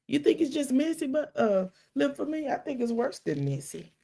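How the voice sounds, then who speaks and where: Gravelly woman telling a story, animated. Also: high-pitched, moderate pace. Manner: animated storytelling with quoted dialogue and dramatic hushes. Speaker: live-stream host. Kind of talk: casual live-stream talk.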